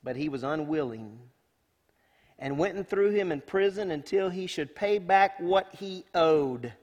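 A man preaching from the pulpit, his voice pitched a little high and carrying a long, ringing reverb from the hall. He reads scripture and comments on it in a folksy, emphatic style, rising to loud bursts and dropping to hushed asides. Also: lively intonation, measured pace, dull audio. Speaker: senior pastor. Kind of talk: sermon with scripture reading.

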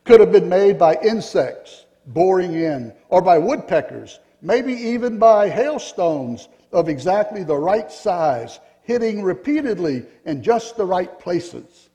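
A man voicing a yellow wooden figure who confidently explains everything in a storybook reading. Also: high-pitched, sing-song, slow pace, hardly any pauses, big-room sound, heavily acted. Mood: explaining. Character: know-it-all yellow wooden male figure.

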